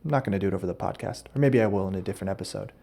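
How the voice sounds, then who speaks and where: A deep, gravelly yet warm male voice races along very fast on his podcast. He tells a rambling, absurd comedic story and keeps breaking off to correct himself.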